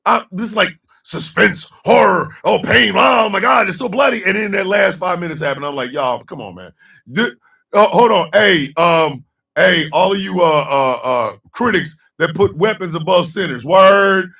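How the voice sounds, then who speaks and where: A man chatting loosely with his livestream chat, telling a story loudly and profanely and often breaking into laughter. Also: sits high, normal speed, vocal fry, distant mic.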